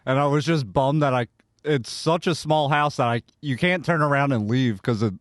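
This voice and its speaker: A man recounts an anecdote in a relaxed, matter-of-fact way in a casual podcast chat. His mid-pitched voice sounds close and dry. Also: normal speed, no room sound.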